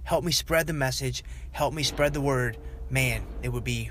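There's slight background noise as a man hosts his podcast in a medium-pitched voice at a moderate pace. Speaking in a Southern US drawl, he talks casually yet earnestly about faith, animated and directly engaging his listeners.

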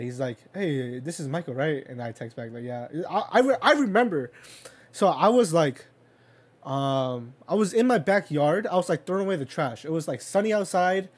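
A young man in casual chat, telling a long rambling story full of fillers and swearing. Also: a little high. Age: young adult. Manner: rambling, filler-heavy, swears, chuckles while telling stories.

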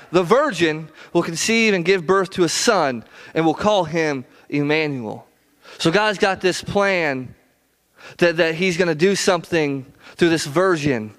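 A man's voice: fairly high pitch, fairly bright tone, clear, resonant tone. A man in his thirties, a pastor preaching an earnest, conversational sermon in a church. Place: church sanctuary.

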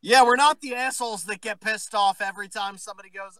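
A man from Philadelphia, co-hosting a podcast with loud, excitable, crude banter that often breaks into shouting. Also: high-pitched, fast talker, no room sound. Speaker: podcast co-host.

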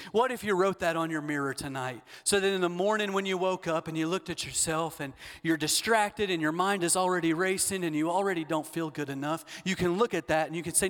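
A man preaching a sermon as pastor, leading the congregation in repeated declarations and swinging from hushed asides to loud, emphatic lines. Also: high-pitched, fairly quick, hardly any pauses. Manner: leads call-and-response repetition. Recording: long hall reverb.

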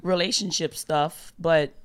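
A woman's voice: low-pitched, fairly even intonation, a little slow, smooth. A woman who is a comedy guest on a podcast, talking in loose slang and laughing often. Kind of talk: casual podcast chat.

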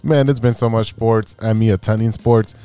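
A man's voice: lowish voice, fairly even intonation, normal speed, mellow, smooth. A man co-hosting a casual chat show, chatty and teasing. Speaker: co-host.

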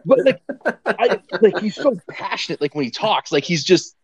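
A man's voice: sits high, very animated, a little slow, long pauses, husky, no echo, muffled recording. A man, a former Marine guest on a podcast, telling stories in a rambling, profane, laughing way. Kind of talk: casual storytelling chat.

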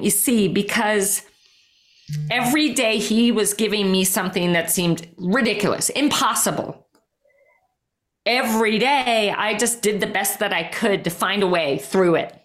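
A woman's voice: mid-range voice, measured pace. A middle-aged woman, a former athlete turned coach, telling a personal story as a guest with emphatic energy, filling her speech with "like" and acted-out inner thoughts. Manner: emphatic, lots of "like" and quoted self-talk.

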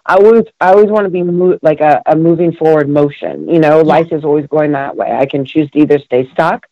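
A woman's voice: sits low, brisk, dry recording. An emotional woman shares her recovery story as an interview guest. She speaks with feeling, circles back on her words and leans on many fillers. The recording is muffled and completely dry, with no room sound.

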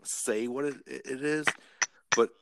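A man casually telling a story to a friend, swearing a lot and jumping into a much higher voice to act out what others said. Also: takes it slowly, vocal fry, heavy background noise. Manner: profane, animated, mimics others with sharp jumps in pitch.

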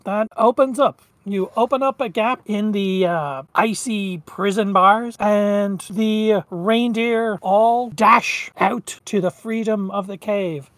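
A woman running a tabletop game as game master, narrating scenes in a measured, descriptive way. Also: medium pitch, dry recording.

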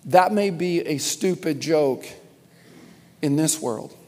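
A man delivers an emphatic sermon with a fairly high voice, talking straight to his congregation and repeating his key lines for weight. His voice rings with the long reverb of a large hall. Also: slow, a little mellow. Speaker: preacher.

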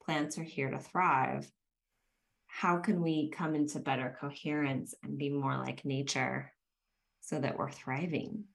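Low, gravelly-voiced woman podcast host. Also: fairly even intonation, a little slow. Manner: earnest, reflective, storytelling. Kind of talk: casual podcast conversation.

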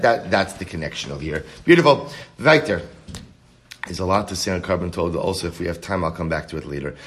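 A man teaching a Talmud class, reading the Aramaic text aloud and then explaining it in English with rhetorical questions. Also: medium pitch.

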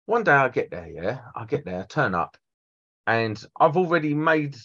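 A man's voice: mid-range voice, very animated, normal speed, sharp tone. A man, a guest electrician telling blunt, sweary stories in casual chat. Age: 40s. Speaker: electrician guest on a trade podcast. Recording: dull lo-fi podcast audio.

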